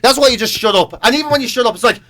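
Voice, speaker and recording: A man from Ireland with a Dublin accent, co-hosting a radio show in comedic banter and acting out shouted rows. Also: very high voice, rapid-fire. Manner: animated, acts out shouted rows.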